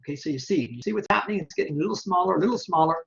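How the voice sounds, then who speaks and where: A man teaching an online class, talking step by step through a screen-recorded software tutorial and checking in often with "okay?". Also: high-pitched, animated, rapid-fire, vocal fry, highs cut off. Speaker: online instructor.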